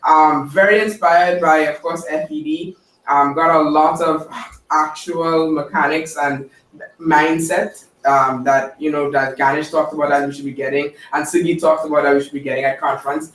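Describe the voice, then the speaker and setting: A man's voice: a little high, fairly even intonation, normal speed, fairly bright tone, far from the mic. A man giving an upbeat, chatty report at a group meeting, with many fillers. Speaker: team member giving a report. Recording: echoey room mic from afar, light ambience.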